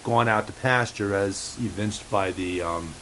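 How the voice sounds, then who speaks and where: A man's voice: fairly low pitch, fairly bright tone, rough recording. Rambling man with a faint hiss. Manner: halting, many fillers and restarts, relays a cat's remarks. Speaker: host of a home-made pet show. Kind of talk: rambling casual monologue.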